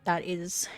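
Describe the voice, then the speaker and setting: A congested woman chatting casually on her live stream, rambling and swearing now and then. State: slightly out of breath.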